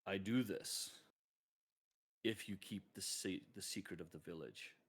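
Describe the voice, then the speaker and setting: A man voicing an old man who is secretly a brass dragon, speaking in a grave, measured way. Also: low-pitched, husky. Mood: solemn.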